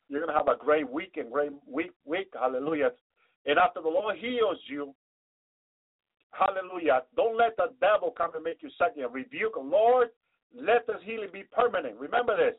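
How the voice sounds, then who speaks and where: A man's voice: on the high side, slightly rough. A man preaching a fervent sermon, exhorting listeners to pray for healing. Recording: tinny phone-like broadcast audio.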